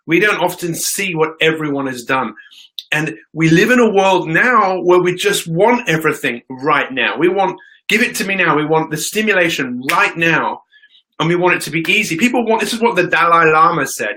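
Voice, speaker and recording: A man's voice: fairly high pitch, pushed and bright, rough recording. A man hosting a live-streamed motivational show, greeting viewers by name and talking with lots of energy. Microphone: phone.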